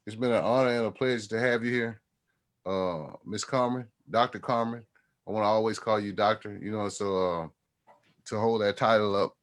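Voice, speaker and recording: Low-voiced man hosting a talk show. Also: steady tone, moderate pace. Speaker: host. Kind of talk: casual talk show wrap-up.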